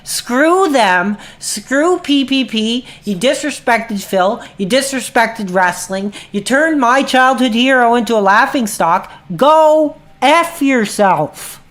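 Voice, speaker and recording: A woman streamer rants at her chat, heated and profane, her agitation boiling over. Her voice sits a bit on the high side. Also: lively intonation, slow, hardly any pauses, fairly bright tone. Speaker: livestreamer. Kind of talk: angry livestream rant.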